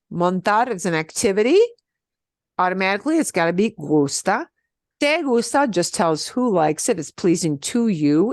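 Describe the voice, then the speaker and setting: A woman teaching beginner Spanish over a video call, moving at an unhurried pace. Her voice is lively, with wide swings in pitch. She stops often to check that the class is following, and the sound is dry and close. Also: no room sound. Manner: patient, explains slowly with many "okay?" checks.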